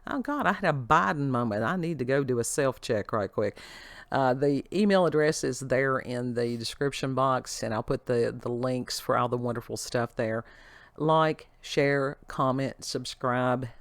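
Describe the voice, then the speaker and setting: A woman's voice: extremely low pitch, unhurried, no room sound. A middle-aged woman with an Appalachian mountain accent, hosting a casual vlog and talking earnestly and folksily straight to her viewers. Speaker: host.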